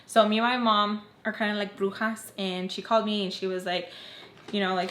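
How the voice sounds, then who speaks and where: A woman's voice: mid-range voice, steady tone, unhurried, pushed and bright, a little hiss or hum. Young female vlogger, rambling casual storyteller, roomy echo. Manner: chatty, heavy use of "like", acts out quoted voices.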